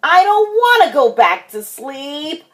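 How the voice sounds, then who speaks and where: Woman voicing a young boy frog, high-pitched, shouty, excitable, swooping voice, storybook. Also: takes it slowly, exaggerated voice. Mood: excited.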